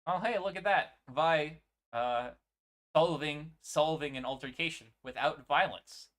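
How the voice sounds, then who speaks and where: A man hosting a casual commentary stream, talking in an animated, profane way. He laughs often and keeps restarting his sentences with plenty of fillers. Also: on the high side, unhurried. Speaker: show host.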